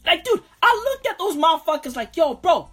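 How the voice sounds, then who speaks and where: A high-pitched woman rants in a lively, swooping voice. She swears often and keeps repeating herself. Faint music sits behind her. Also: a little fast. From South Africa. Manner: animated, profane, repetitive, keeps saying "bro". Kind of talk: profane comic rant.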